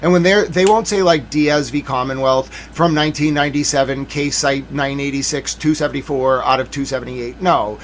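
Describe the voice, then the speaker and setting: A man hosting a live stream, ranting with mock outrage and then settling into calmer musing. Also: mid-range voice, normal speed, few pauses, slight background noise. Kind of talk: live-stream commentary rant.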